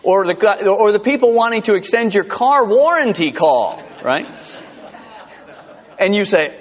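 A man preaching a sermon in a church, conversational and animated, with asides and chuckles. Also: medium pitch, a little slow, big-room sound, lo-fi sound. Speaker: pastor. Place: church sanctuary.

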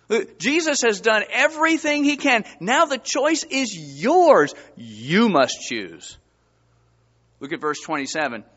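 Lively, bright-voiced preacher man. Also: high-pitched, dull audio. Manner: preaching with rising emphasis and Bible readings. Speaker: pastor. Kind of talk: sermon.

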